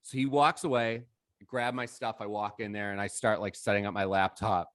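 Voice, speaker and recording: A man telling a story on a podcast with lively quoted dialogue and frequent swearing. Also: fairly low pitch, fairly quick, dry recording, studio quality. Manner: animated, acts out quotes, swears freely. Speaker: DJ guest. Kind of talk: casual storytelling.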